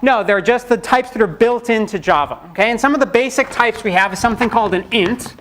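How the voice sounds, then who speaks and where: High-voiced joking male lecturer. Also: fast talker, a bit bright, slight background noise. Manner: joking, conversational, acts out student questions. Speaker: university lecturer. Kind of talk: classroom lecture. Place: lecture hall.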